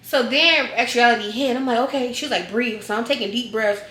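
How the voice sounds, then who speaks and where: Bright, animated woman in an echoey room. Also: on the high side, a little fast. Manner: animated, slangy, acts out scenes with loud yells. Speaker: vlogger. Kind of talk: casual storytime chat.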